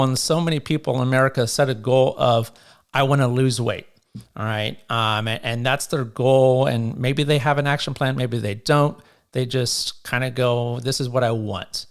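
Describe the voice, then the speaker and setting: A male podcast host at an ordinary, middle pitch, talking through his week in a relaxed, encouraging way. He coaches listeners on discipline and habits, filling his sentences with loose ums and uhs as he goes. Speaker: podcast host and real estate agent. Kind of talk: solo motivational podcast talk.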